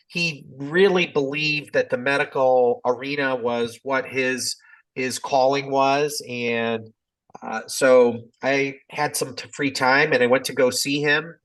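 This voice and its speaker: A man in his fifties speaks at an even middle pitch, talking things through in a loose, reflective way. He circles back often, filling pauses with ums and restarts as he tells a long personal story in an interview. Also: poor audio. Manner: reflective, rambling, many fillers and restarts. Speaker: physician and company executive.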